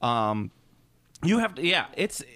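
A man co-hosting a casual podcast, talking in an animated, rambling way with some swearing. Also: a little high, slow. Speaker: co-host.

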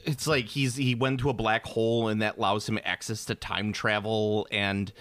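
A man's voice: lowish voice, flat delivery, normal speed, a bit bright, no echo. A man in casual chat, rambling and opinionated, often restarting his sentences.

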